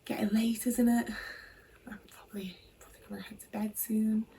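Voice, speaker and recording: A woman voicing a weary, put-out middle-aged mother in a whispered role-play, hushed and grudging. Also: fairly high pitch, fairly even intonation, normal speed, a little hiss or hum, lightly acted.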